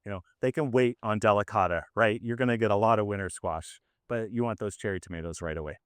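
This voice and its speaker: A man leading a farm tour outdoors, explaining his farming in a casual, conversational way with lots of fillers, his voice slightly hoarse. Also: lowish voice, fast talker, a bit bright, no echo, clean studio sound. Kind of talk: explaining while walking a group around.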